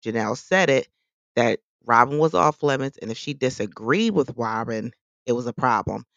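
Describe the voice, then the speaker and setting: A man's voice: mid-range voice, lively intonation, moderate pace, fairly bright tone, no room sound. A man giving casual, opinionated solo commentary as a podcast host, often stopping to correct himself. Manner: chatty, opinionated, restarts often. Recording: dull lo-fi voice message.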